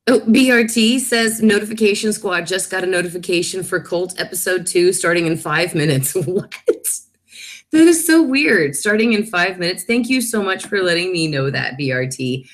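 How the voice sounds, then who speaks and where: A woman's voice: lowish voice, moderate pace, few pauses. A woman in her thirties hosting a casual live stream, chatting, reading viewer comments aloud and laughing often.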